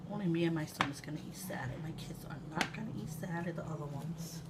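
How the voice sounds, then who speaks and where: A woman from Puerto Rico in her thirties, an excitable, chatty cooking-channel host with sudden loud exclamations and laughter, talking casually in her home kitchen. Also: low-pitched, quick pace. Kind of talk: casual cooking vlog chat. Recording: distant mic with room noise.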